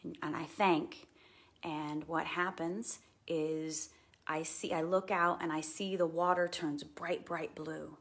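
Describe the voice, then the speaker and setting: A woman hosting a casual live video, talking in a gushing, heartfelt way, repeating words, and slowing to a softer tone when she recounts a meditation. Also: deep voice, little pitch movement, breathy edge. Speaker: live video host sharing personal experiences. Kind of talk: casual live-stream monologue.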